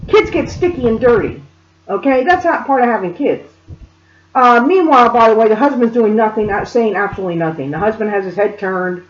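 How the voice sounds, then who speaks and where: A woman with a fairly high voice tells a story in an animated way and keeps turning to her listeners. The recording sounds roomy and a little dull. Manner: animated, addresses listeners directly. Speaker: spiritual reader and speaker. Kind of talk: storytelling monologue.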